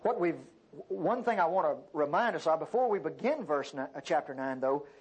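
A man teaching the Bible verse by verse, speaking conversationally to his class and acting out quoted speech with lively swings of voice. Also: normal speed, slight background noise. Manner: animated, acts out quoted speech with big pitch jumps; conversational, addresses the class directly.

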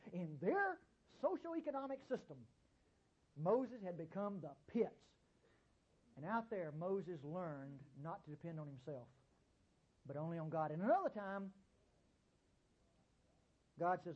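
A man delivers a sermon in a husky voice. His pitch swings widely, leaping up and dropping low as he presses his points and keeps urging listeners to hear him. The recording sounds dull and lo-fi. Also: lively intonation, moderate pace, long pauses, darkish tone. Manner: emphatic, repeats "listen to me", sudden jumps in pitch and volume. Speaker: preacher.

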